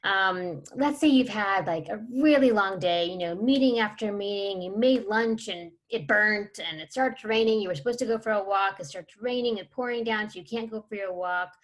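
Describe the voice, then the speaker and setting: A woman's voice: medium pitch, moderate pace, hardly any pauses. A woman presenting a parenting workshop in a chatty way, full of fillers and small laughs, acting out everyday scenes.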